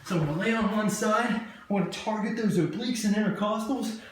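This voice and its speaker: A woman's voice: medium pitch, a little fast. A woman fitness instructor coaching a workout while she does it, upbeat, chatty and joking as she cues each move. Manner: upbeat, chatty and jokey, cueing moves as she does them. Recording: very echoey room, distant mic, audible noise.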